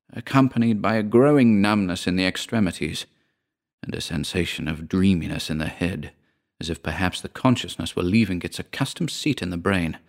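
A man reading a ghost story aloud in measured, expressive narration. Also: on the low side, gravelly.

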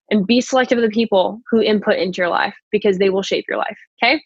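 A woman's voice: mid-range voice, fast talker, slightly rough, no room sound, muffled recording. Chatty emphatic woman podcast coach. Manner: chatty and emphatic, says "like" and "okay" a lot; reads scripture aloud between remarks. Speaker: podcast host and pageant coach. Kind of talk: casual motivational faith talk.

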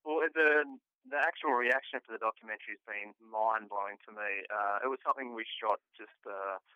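A man's voice: fairly low pitch, brisk, clean tone, no echo, highs cut off. A man with an Australian accent, a guest musician chatting cheerfully in an interview, repeating words as he goes. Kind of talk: casual interview chat.

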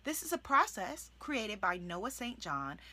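A woman's voice: medium pitch, unhurried. A woman life coach giving an enthusiastic motivational talk to camera, acting out her affirmations as she goes. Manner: enthusiastic, animated, shifts into soft demonstrative affirmations. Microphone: video recording for online channel.

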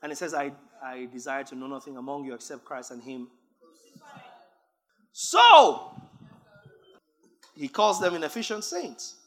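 A man preaching a sermon, reading scripture aloud and building from calm teaching to emphatic shouting. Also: on the high side, measured pace, pauses often.

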